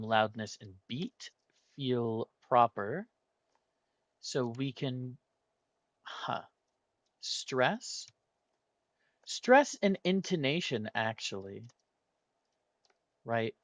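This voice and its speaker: A man's voice: mid-range voice, lively intonation, very slow, long pauses, no echo. A man thinking aloud while solving a word puzzle, hesitating and weighing each option as he goes.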